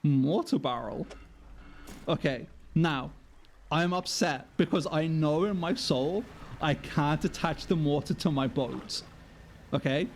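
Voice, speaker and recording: A man's voice: a little high, slow, a little hiss or hum. Joking, swearing man streaming a game. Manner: joking, swears freely, laughs often. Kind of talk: live gameplay commentary.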